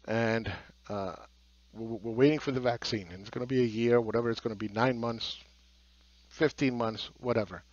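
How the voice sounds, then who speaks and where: A man's voice: medium pitch, fairly even intonation, normal speed, no room sound, lo-fi sound. A man giving a blunt market commentary monologue, sarcastic and swearing, who mocks other people's views. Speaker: market analyst.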